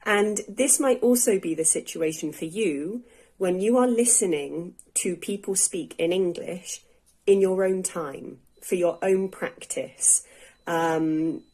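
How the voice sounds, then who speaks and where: A woman's voice: medium pitch, dark tone. A woman English teacher talking candidly in a casual, unscripted vlog at home, thinking aloud with fillers as she goes. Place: indoors at home.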